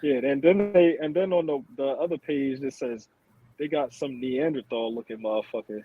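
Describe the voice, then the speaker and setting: A man's voice: medium pitch, normal speed, breathy edge, narrow, tinny audio. A man co-hosting a podcast, chatting casually with blunt, profane humor and frequent laughter. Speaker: podcast co-host. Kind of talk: casual chat.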